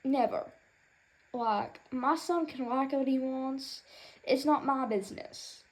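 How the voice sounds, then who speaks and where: The recording is rough, with noticeable background noise, and the woman's high voice takes things slowly. She's doing a comedic in-character rant as a proud mother, sassy and rambling, indignant for her son and peppered with Southern-style expressions.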